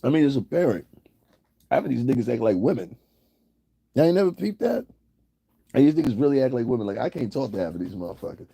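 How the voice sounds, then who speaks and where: A man's voice: medium pitch, big pitch swings, quick pace, gravelly, long pauses, mellow, breathy edge, dry recording, studio quality. A man hosting a livestream, talking crudely and casually to his chat, roasting viewers and laughing often. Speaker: livestream host. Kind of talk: casual profane commentary to chat.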